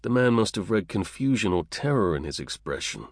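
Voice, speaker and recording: A man reads a novel aloud in a measured, even way. His voice sits on the low side, recorded close and dry with no room sound. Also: dry recording. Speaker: narrator. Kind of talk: audiobook narration.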